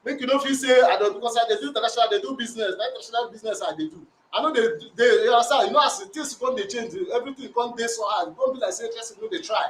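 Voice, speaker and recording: High-voiced Nigerian man, rambling complaint. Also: very fast, few pauses, slight background noise. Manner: rambling, repetitive, animated storytelling. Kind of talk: recounting a domestic dispute. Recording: roomy sound from a distant mic.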